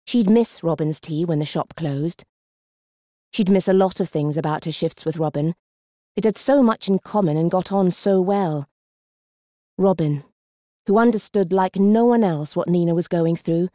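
A woman narrates an audiobook with a low, mellow voice and measured delivery. The sound is dry and close to the mic. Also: no room sound.

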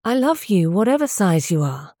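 A woman's voice: medium pitch, big pitch swings, moderate pace, dark tone, dry recording, clean studio sound. Woman reading a tired, dull-voiced husband. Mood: tired pleading. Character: weary, gentle husband worn down by IVF. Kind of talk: audiobook character voice.

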